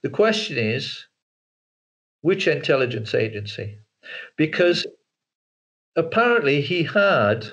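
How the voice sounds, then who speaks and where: A man's voice: a little high, a bit bright. A male author and filmmaker talking as an interview guest over a video call, hesitant, with frequent repeated words and restarts. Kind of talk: casual interview talk. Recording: dull lo-fi call audio.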